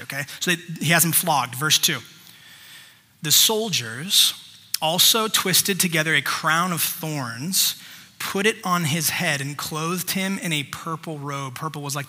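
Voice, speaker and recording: A man's voice: on the high side, sharp tone, in a large hall. A man preaching a sermon, reading scripture aloud and stopping to stress points with emphatic asides. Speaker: pastor.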